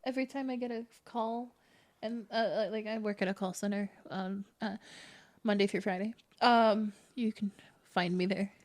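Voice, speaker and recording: A woman's voice: medium pitch, fairly even intonation, normal speed. A young woman co-hosting a casual podcast, telling rambling stories and often cutting herself off mid-sentence. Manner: rambling, self-interrupting storyteller. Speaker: podcast co-host. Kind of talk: casual chat.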